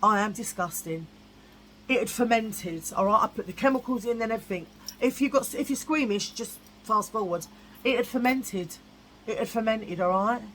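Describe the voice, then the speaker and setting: A woman vlogger talks in a blunt, chatty way, with a voice pitched a little high. She often repeats herself for emphasis. Faint hiss sits in the background. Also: normal speed, a bit bright, low-quality recording. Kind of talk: casual chat.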